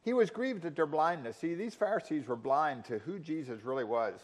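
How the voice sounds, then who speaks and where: A man preaching a sermon, emphatic, with dramatic pauses and rising intensity in quoted lines. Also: fairly high pitch, expressive. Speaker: pastor.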